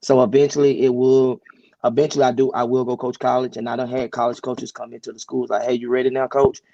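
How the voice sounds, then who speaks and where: A man who coaches high school sports tells his story as a podcast guest, relaxed and stumbling over restarts. His mid-pitched voice is gravelly. The recording is dry and slightly muffled. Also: fast, dry recording. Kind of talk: casual interview storytelling.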